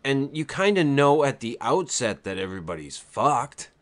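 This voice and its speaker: Male podcast host, mid-pitched, halting and profane, casual. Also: sing-song. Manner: halting, profane, many restarts. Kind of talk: casual uncensored chat.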